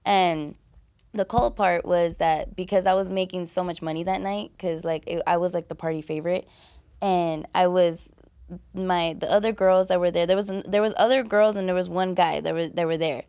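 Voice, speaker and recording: A woman's voice: fairly low pitch, fairly even intonation, normal speed, darkish tone. A young adult woman, a podcast guest, telling her own story candidly in blunt, profane, casual speech full of "like". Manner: blunt and profane, heavy use of "like".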